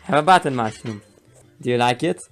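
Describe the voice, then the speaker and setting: A man's voice: mid-range voice, lively intonation, brisk, soft background music, natural voice. A man voicing a cocky zombie piloting a battle mech, smug and teasing, in a fan voice-over of gameplay.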